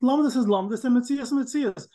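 High-pitched man, Talmud study partner, challenging and questioning. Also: a little fast, warm tone.

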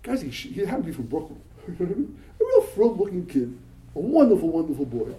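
A male rabbi talks to yeshiva students in a high, swooping voice, his tone soft and warm rather than bright. He tells stories animatedly, mixing Hebrew and Yiddish terms into English and repeating words as he gets worked up. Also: fast, rough recording. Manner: animated storyteller, repeats words when excited. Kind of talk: motivational talk to yeshiva students.

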